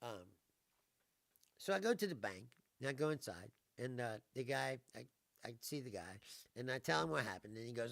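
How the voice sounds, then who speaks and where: A man's voice: medium pitch, expressive, normal speed, gravelly, a bit bright, no room sound. A middle-aged man hosting a live stream, telling a story in a casual, exasperated rant, laughing and swearing as he goes. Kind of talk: casual ranting monologue.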